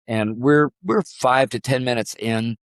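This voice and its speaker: An older man from Illinois tells a story as a podcast guest, taking his time and voicing the other people in it. His voice sits at a medium pitch. The sound is close and dry, with no room echo. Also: smooth. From Illinois, USA. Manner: vivid, unhurried storyteller who acts out quoted dialogue. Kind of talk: storytelling in a conversation.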